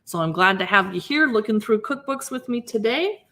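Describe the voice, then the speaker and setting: A woman's voice: a little high, expressive, moderate pace, sharp tone. A woman in her fifties hosts a casual livestream, chatting as she pages through a cookbook, reading recipe names aloud and greeting viewers. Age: 50s. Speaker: livestream host.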